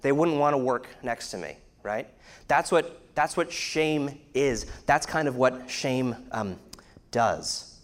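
A man's voice: mid-range voice, lively intonation, takes it slowly. A man in his thirties giving an earnest, explanatory sermon-style talk, with many fillers. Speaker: speaker teaching on shame.

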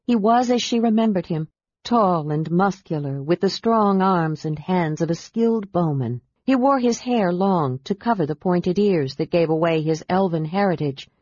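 A low-voiced woman narrates a fantasy audiobook at a steady, measured pace. The recording sounds muffled and dry.

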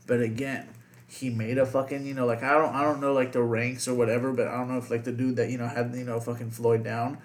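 A man's voice: mid-range voice, little pitch movement, fast talker. A man co-hosting a casual podcast chat, rambling with lots of fillers and constant swearing. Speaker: podcast co-host.

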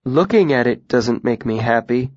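A man voicing a stubborn, unsmiling boy who speaks slowly and insistently. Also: medium pitch, breathy edge, no room sound. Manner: slow, flat, insistent. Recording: dry, slightly muffled studio recording.

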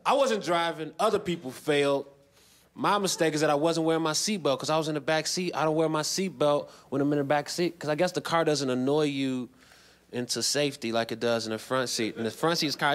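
A man in his twenties doing a stand-up comedy set on a festival stage, dry and deadpan, breaking into loud shouted voices. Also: on the high side, a little fast, slight background noise. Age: 20s. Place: large festival stage with a laughing audience.

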